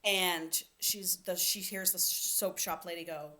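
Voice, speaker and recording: Woman co-host with a bright, forward voice; lively, irreverent storyteller who swears casually. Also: lowish voice, takes it slowly. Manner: animated storyteller, acts out quotes, swears casually. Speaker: podcast co-host. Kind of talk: casual chat retelling a novel's plot.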